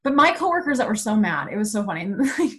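A woman in her thirties telling a story in casual chat, animated and filled with "like". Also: mid-range voice, fast, slightly rough.

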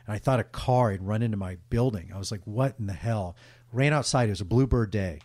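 A middle-aged sportscaster telling emotional, candid stories in a casual interview, rambling with restarts. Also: male voice, on the low side, fast talker, darkish tone, no room sound. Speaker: guest, sportscaster.

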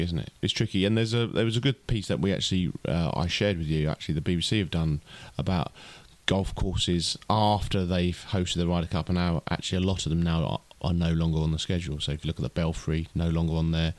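A man's voice: sits low, quick pace, few pauses, no echo. A man co-hosting a casual podcast chat, rambling with lots of restarts. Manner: chatty, lots of fillers and restarts. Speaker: podcast co-host.

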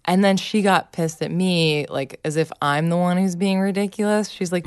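A woman with a low voice chats about her kids, laughing often and mimicking them. The recording is dry and close. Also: steady tone, moderate pace, clean tone, no room sound. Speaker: podcast co-host, mother. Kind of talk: casual storytelling chat.

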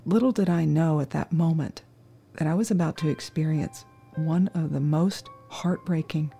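A crime scene worker telling a true crime story in the first person, with a measured, solemn delivery. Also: mid-range voice, vocal fry, mellow, faint music behind.

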